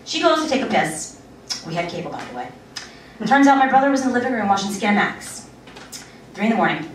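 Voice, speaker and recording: A woman's voice: medium pitch, big pitch swings, fast. A woman in her thirties doing a crude, rambling stand-up set in a small club, laughing at her own jokes. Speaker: stand-up comedian. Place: small club with a live audience. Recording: echoey room recorded from far off, crowd noise. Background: audience chatter and laughter.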